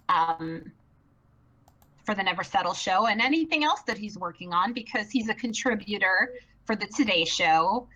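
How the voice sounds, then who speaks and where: A woman chatting excitedly on a live stream, bubbly and rambling, with many fillers and restarts. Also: medium pitch, muffled recording. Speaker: live stream co-producer and host.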